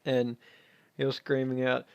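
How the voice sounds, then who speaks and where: Gravelly man telling a rambling story. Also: mid-range voice, monotone, a little slow, no room sound, lo-fi sound. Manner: rambling, offhand, chuckles while telling. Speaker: clan founder recounting history. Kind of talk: casual spoken storytelling.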